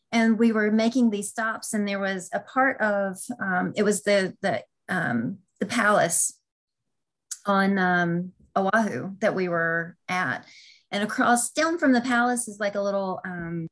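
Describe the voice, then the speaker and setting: A woman's voice: mid-range voice, rough recording. A woman co-hosting a podcast, telling a story in a chatty way with lots of ums and restarts. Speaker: podcast co-host. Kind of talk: casual storytelling.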